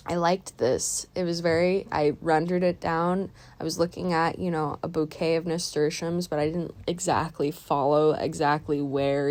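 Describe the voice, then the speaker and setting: Chatty young woman, rambling voiceover. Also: fairly low pitch. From San Diego area, US. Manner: chatty, rambling, self-talk asides. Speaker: art vlogger. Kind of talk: casual voiceover chat.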